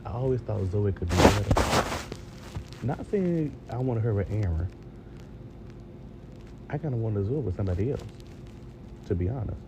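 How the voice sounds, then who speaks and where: A man's voice: lowish voice, normal speed, pauses often. A man giving a casual, rambling TV review, talking straight to his viewers. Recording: steady background noise.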